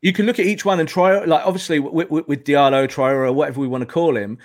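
A fast-talking man with a somewhat high, steady voice appears as a guest pundit on a football podcast, emphatic and lecturing as he argues his case. He often circles back to press a point, and his voice sounds dry and close with no room echo.

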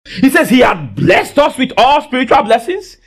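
Man, preacher, very high voice, lively swooping pitch, church sermon, call-and-response. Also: moderate pace, breathy edge. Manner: fervent, bursts into shouts, quizzes the congregation. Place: church service.

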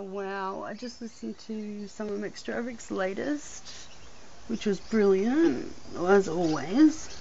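A woman's voice: mid-range voice, darkish tone. Chatty congested woman podcaster. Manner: chatty, laughing, musing aloud. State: congested, with a headache. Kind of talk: casual rambling monologue. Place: outdoors, sitting on the ground. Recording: muffled with clear background noise.

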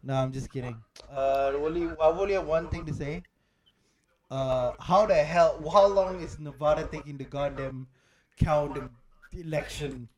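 A man's voice: fairly high pitch, unhurried, crowd noise. A man hosting a casual podcast, joking around and swearing freely. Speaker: podcast host. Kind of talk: casual chat.

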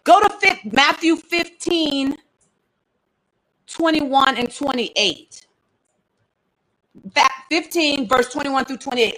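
A woman teaching the Bible to an online audience in a chatty, animated way, thinking aloud and tossing in slang asides. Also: sits high, poor audio.

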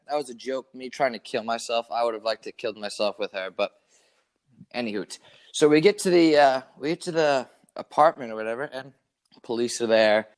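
A man's voice: medium pitch, brisk, no echo. A man co-hosting a casual chat show, telling a long story in a rambling, profane way, full of fillers. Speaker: podcast co-host.

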